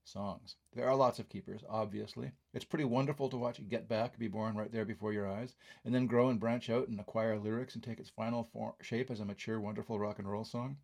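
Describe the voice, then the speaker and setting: An older man reads his own review aloud in a gravelly, husky voice. He is wry and conversational, and he drops offhand asides between his points. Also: on the low side, fairly even intonation, fairly quick, darkish tone. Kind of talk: read-aloud film review essay.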